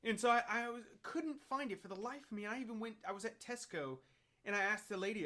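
A young American man co-hosting a podcast, telling stories in a lively, laughing way. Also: sits high, fast. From United States. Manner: animated storyteller, laughs often. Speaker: podcast co-host. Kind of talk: casual chat.

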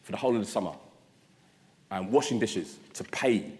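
A man, giving an animated, humorous storytelling address. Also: lowish voice, moderate pace. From South London. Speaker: guest speaker. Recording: long hall reverb.

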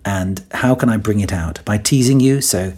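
Male guest for an interview, husky voice, playful teasing storyteller. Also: fairly low pitch, moderate pace, a little mellow. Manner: playful, teasing storyteller who acts out quotes. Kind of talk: conversational podcast interview.

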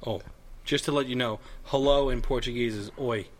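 Excitable New guy joking around. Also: medium pitch, normal speed. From New York. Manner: excitable, joking, swears casually. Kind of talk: casual chat among friends.

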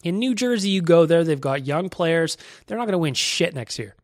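A man's voice: high-pitched, lively intonation, a little fast, hardly any pauses, no echo, clean studio sound. A young Canadian man hosting a sports podcast, talking bluntly and swearing freely between ad reads. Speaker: podcast host.

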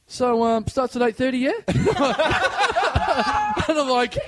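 A man co-hosting a comedy podcast, giggly and quick to laugh while bantering. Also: very high-pitched, heavy background noise. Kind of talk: casual banter.

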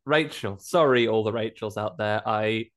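A man's voice: lowish voice, measured pace. A young man co-hosting a podcast, trading jokey, sarcastic remarks about a horror film. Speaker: podcast co-host. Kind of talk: casual film chat.

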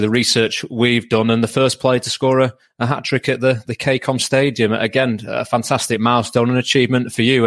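Man, podcast host, monotone, dry close sound, prepared questions. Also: mid-range voice, no echo. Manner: prepared, reads out stats. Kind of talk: podcast interviewing.

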